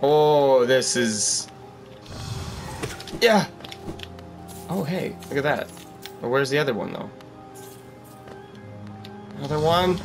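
Excitable man yelping through gameplay. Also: fairly high pitch, slow pace, pauses often, over music. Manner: excitable, jokey, yelps and exclaims while playing. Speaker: gaming channel host. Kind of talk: let's play commentary.

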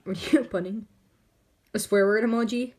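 A woman chatting on camera in a relaxed home vlog. She teases her friend with quick, pushy questions. Her voice is ordinary and mid-pitched. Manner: teasing, keeps pressing with questions. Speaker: vlogger filming a friend. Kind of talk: casual vlog chat.

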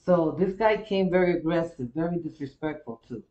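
A woman's voice: on the low side, animated, fairly quick, highs cut off, a crowd in the background. Chatty woman explaining things. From Caribbean. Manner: chatty, explaining, with many fillers and restarts. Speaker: reaction video host. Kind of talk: casual reaction commentary. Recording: roomy echo.

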